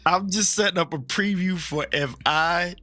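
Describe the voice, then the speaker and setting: A man with a Baptist preacher's background talks openly as a podcast guest, his voice bright and forceful. He jokes and makes blunt points, sometimes slowing right down for emphasis and sometimes acting out other people's voices. Soft music plays faintly behind him. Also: high voice, dry recording. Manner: frank and joking, drops into slow emphatic phrasing. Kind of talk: casual opinionated chat.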